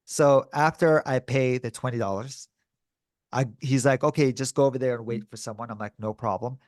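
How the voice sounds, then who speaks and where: A man co-hosting a podcast in casual chat, telling a story in a lively way and acting out the voices of the people in it, often saying dude and bro. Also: medium pitch, normal speed, no room sound, clean studio sound. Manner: animated, acts out quoted dialogue. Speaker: podcast co-host.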